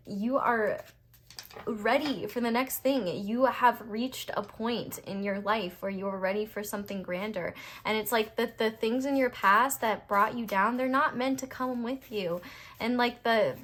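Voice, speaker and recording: Young woman tarot reader, bright tone, slightly high, blunt and passionate delivery, casual filler-heavy talk. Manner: blunt, passionate, fired up, lots of "like". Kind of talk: casual spoken tarot reading.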